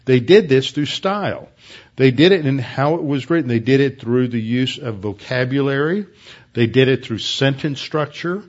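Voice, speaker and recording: A man teaching a Bible study class, explaining step by step and often pausing on fillers and restarts. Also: mid-range voice, highs cut off. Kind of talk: classroom lecture.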